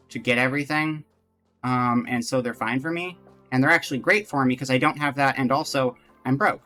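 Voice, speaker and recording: A streamer with a sharp, medium-pitched voice casually chats to viewers as he plays a game live, reading its text aloud.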